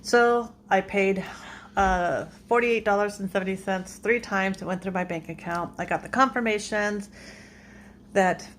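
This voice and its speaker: A woman's voice: mid-range voice, unhurried, a little hiss or hum. A woman casually retelling a frustrating store run-in, exasperated and recounting every exchange. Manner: exasperated, retells the argument blow by blow. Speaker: vlogger. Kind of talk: casual complaint story.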